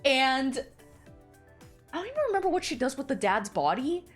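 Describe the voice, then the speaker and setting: Animated, giggly woman streamer. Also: sits high, moderate pace, faint music behind. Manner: animated, giggly, swears freely. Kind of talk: casual chat.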